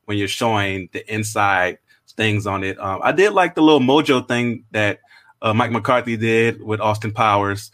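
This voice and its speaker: A man's voice: lowish voice, normal speed, fairly bright tone. A man co-hosting a casual sports talk show, talking in an easygoing way with many fillers. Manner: easygoing, lots of fillers, laughs along.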